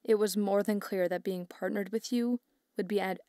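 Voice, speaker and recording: A woman's voice: medium pitch, a little slow, darkish tone, dry recording. A woman with a Canadian accent recording fan dub lines, apologetic and laughing at her mistakes. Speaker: voice actor. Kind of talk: voice acting outtakes.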